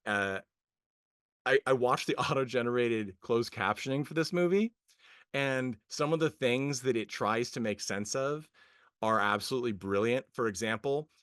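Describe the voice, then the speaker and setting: A male podcast co-host rambles through a film review in loose, chatty talk. He is full of ums and restarts, and he is often amused. His voice sits at a middle pitch and sounds close and dry. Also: normal speed, smooth, no echo. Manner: rambling, hesitant, many fillers and restarts; animated, amused, laughing often. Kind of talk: casual film review chat.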